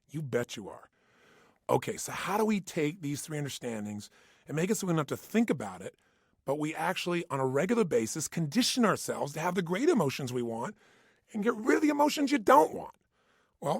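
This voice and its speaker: Husky, fast-talking motivational speaker man. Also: fairly high pitch, no room sound, clean studio sound. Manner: intense, emphatic, punchy repetition. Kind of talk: motivational self-help talk.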